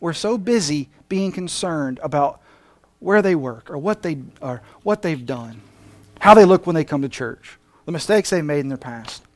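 A man's voice: on the high side, lively intonation, moderate pace, no room sound. Passionate preacher man, dry sound. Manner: passionate, shifting from emphatic to quiet. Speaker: pastor. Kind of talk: sermon.

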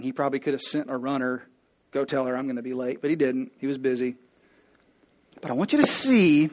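A pastor with a high voice tells a story with playful humor in a comedic sermon. He slips into the characters as he goes and speaks directly to the congregation.

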